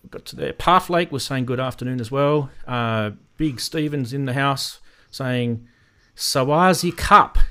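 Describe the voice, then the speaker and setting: Hosting a laid-back synth live stream, an Australian man rambles and welcomes viewers in the chat by name. His voice is mid-range with a fairly bright tone.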